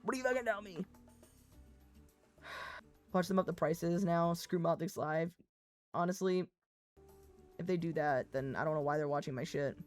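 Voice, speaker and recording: A woman streamer from the American Midwest chatting casually, rambling and swearing, laughing often, with an expressive, slightly Valley Girl tinge. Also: lowish voice, normal speed, pauses often, faint music behind. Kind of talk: casual livestream chat.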